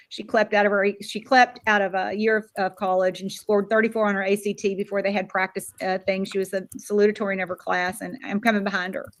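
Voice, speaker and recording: An older woman from Florida giving a motivational speech as a sales director, acting out quoted dialogue. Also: mid-range voice. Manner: animated, acts out quoted dialogue.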